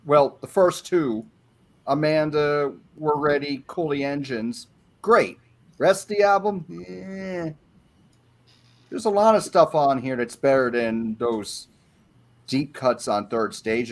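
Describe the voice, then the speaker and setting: A man's voice: mid-range voice, unhurried. A man on a panel, going through an album track by track and giving his opinions in a casual way.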